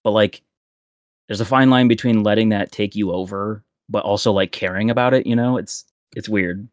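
A young man talking as a guest on a podcast, rambling in a relaxed way with frequent laughs and fillers. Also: on the low side, normal speed, dry recording, clean studio sound. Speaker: guest content creator. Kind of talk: casual podcast chat.

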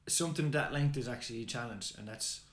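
A man's voice: mid-range voice, fast talker. A man co-hosting a podcast in casual chat, laid-back, swearing often and restarting his sentences. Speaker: podcast co-host. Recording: roomy with faint background noise.

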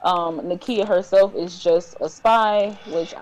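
A woman's voice: on the low side, slow pace, darkish tone, rough recording. A woman from Detroit co-hosting a casual podcast chat, talking in a rambling way with many ums and restarts. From Detroit, USA. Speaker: podcast co-host.

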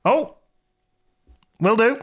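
A man puts on a strange round guard who never blinks. His voice rides up high and thin, with slow, flat politeness. It is eerie tabletop role-play. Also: full character voice. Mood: chirpy. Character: perfectly round bald unblinking male guard.

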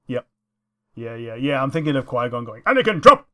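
A man chatting casually while watching a film, laughing often and chiming in with quick agreement. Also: medium pitch, fairly even intonation, fairly bright tone. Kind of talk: casual chat reacting to a film.

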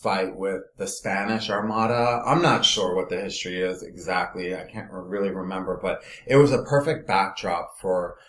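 A man from Los Angeles, a guest in an interview, telling his career story in an animated, meandering way. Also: low-pitched, normal speed, few pauses, echoey room. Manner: animated storytelling, trailing off and restarting. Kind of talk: casual conversational interview.

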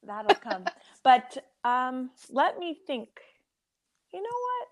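A woman's voice: high-pitched, sing-song, slow. A woman co-hosting a podcast, chatting with a friend and thanking listeners sincerely. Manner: warm, sincere, laughs along. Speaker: podcast co-host. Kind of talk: casual chat, then heartfelt sign-off.

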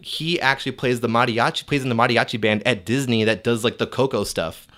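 A man's voice: mid-range voice, fairly quick, fairly bright tone. A young man telling a long story in casual, profane chat, with many "like"s and quoted dialogue. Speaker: storyteller guest.

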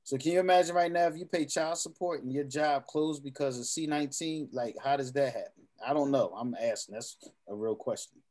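A man's voice: medium pitch, a little fast, hardly any pauses, darkish tone. A man in a casual group chat, talking emphatically and asking rhetorical questions.

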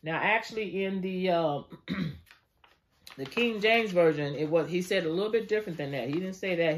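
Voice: medium pitch, normal speed. A Bible study teacher reading scripture aloud and breaking off for casual, conversational comments. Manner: conversational asides, frequent fillers.

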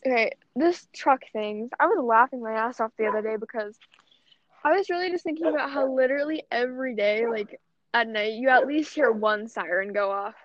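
On dull, lo-fi audio, a podcast co-host talks briskly in a voice on the high side. The young woman rambles casually, cursing frequently and filling her speech with "like."

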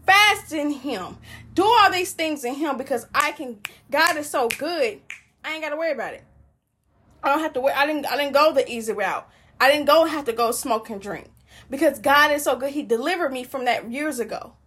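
A woman's voice: sits high, fairly quick, a bit bright. A woman talking casually and joyfully about her faith, preaching, laughing often and rambling. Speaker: Christian woman sharing testimony.

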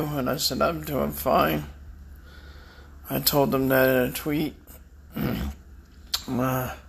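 A man with a very gravelly, husky voice, speaking slowly and with a bright, sharp edge. He rants bitterly and defiantly, cursing and taunting the people he blames. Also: a little high. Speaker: vlogger. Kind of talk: angry personal rant to camera.

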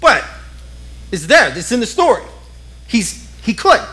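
A middle-aged man preaching a sermon in a lively, conversational way, often turning to the congregation with quick asides. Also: high-pitched. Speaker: pastor.

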